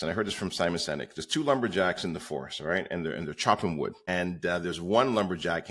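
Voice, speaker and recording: A man's voice: sits low, fairly bright tone. A man guesting on a podcast, telling stories in a rambling, conversational way with many fillers. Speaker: podcast guest, real estate coach. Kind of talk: conversational storytelling.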